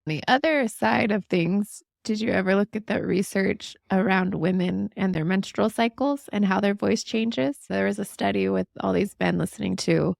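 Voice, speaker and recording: Woman with heavy vocal fry. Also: mid-range voice, moderate pace, hardly any pauses, no room sound, studio quality. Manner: animated storytelling, lively asides. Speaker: podcast co-host. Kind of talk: casual podcast chat.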